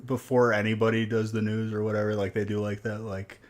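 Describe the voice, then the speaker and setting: A man's voice: fairly low pitch, level tone, brisk. A young man hosting a live stream where he opens trading card packs, rambling in casual chat and teasing his viewers. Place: alone in a room.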